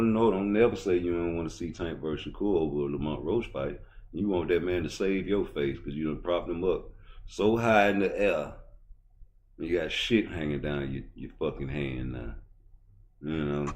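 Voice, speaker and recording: Deep-voiced blunt man ranting about boxing. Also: moderate pace, dull audio. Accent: Baltimore. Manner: blunt, profane, swaggering street talk, rising loud when heated. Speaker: boxing commentator on YouTube. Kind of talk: casual opinion rant.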